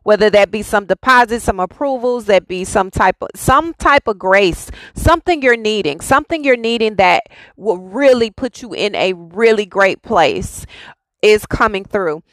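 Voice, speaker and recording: A woman's voice: mid-range voice, expressive, normal speed, fairly bright tone, dry recording, rough recording. A woman giving an intuitive spiritual reading in a reassuring way, repeating her phrases insistently. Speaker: spiritual reader.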